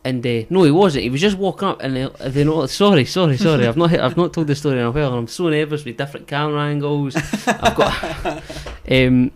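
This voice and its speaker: Sheepish Scottish young man. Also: fairly high pitch. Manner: halting, sheepish, swears often. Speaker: podcast co-host. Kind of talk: casual chat, storytelling.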